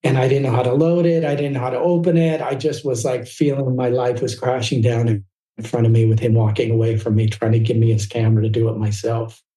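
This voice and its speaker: A man's voice: medium pitch, little pitch movement, brisk, warm tone, reverberant, low-quality recording. A middle-aged man from Southern California, telling his story as a podcast guest in a candid, rambling way. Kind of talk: casual storytelling interview.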